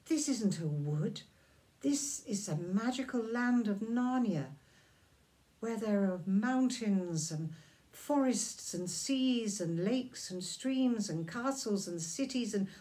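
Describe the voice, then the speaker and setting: A woman's voice: fairly high pitch, lively intonation, slow pace, mellow. A woman voicing a nervous, stammering male faun in a storybook reading, talking in hesitant, flustered bursts. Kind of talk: storybook read-aloud.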